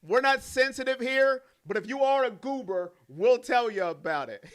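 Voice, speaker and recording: A man hosting a live fan stream, calling the plays and reading out chat messages and donations in an animated way. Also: extremely high pitch, measured pace. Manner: animated, loud, reacts to plays and reads donations. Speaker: fan livestream host doing play-by-play.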